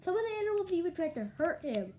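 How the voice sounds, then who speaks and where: A woman's voice: very high voice, very animated, fast, mellow, poor audio. A young woman vlogging from home, telling a rambling story in a sleepy, yawning voice, often restarting and acting out what others said.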